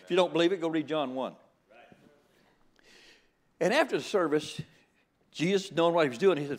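A man's voice: on the high side, animated, a little fast, long pauses. Older man preaching a folksy, joking sermon. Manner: folksy and joking, with frequent stammered restarts. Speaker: guest preacher.

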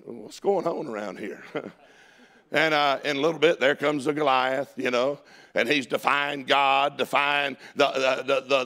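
A man preaching a lively sermon in a Southern US accent, shouting at peaks and laughing between folksy asides. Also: medium pitch.

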